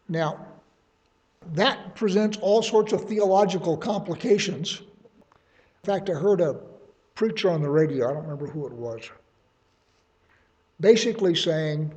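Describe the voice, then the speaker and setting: A man's voice: high-pitched, lively intonation, measured pace, pauses often, darkish tone, lo-fi sound. A man leading a Bible study in a conversational way, thinking aloud and adding asides. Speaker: Bible teacher.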